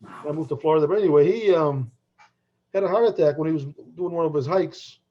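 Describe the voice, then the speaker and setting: On a dull, lo-fi recording, a middle-aged podcast co-host speaks a little fast in a fairly high voice. He drifts through meandering anecdotes, restarting often and laughing along the way.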